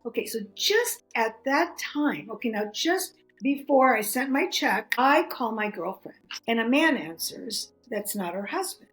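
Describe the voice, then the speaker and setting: A middle-aged woman, a podcast guest, telling a personal story in animated casual talk. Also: a little high, moderate pace, few pauses, soft background music, low-quality recording. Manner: animated, chatty, acts out quoted voices.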